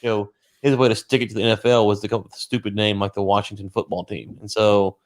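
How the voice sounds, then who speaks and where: This man has a lowish voice. He co-hosts a relaxed podcast and speaks hesitantly, agreeing easily and filling pauses with "um.". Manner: hesitant, agreeable, lots of ums. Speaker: podcast co-host. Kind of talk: casual chat.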